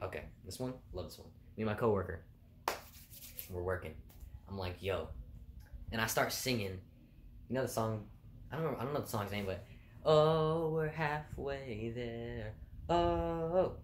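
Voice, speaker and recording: Young male vlogger, lowish pitch, loose chatty storyteller who laughs at his own anecdotes. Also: slight background noise. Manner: rambling, laughs at own stories, swears casually. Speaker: food court worker. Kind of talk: casual storytelling.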